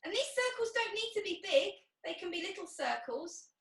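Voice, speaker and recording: An extremely high, sing-song female voice, a bit bright and at moderate pace, leads a pilates class, encouraging the group and cueing each breath and movement. The room echoes and she's recorded from a distance.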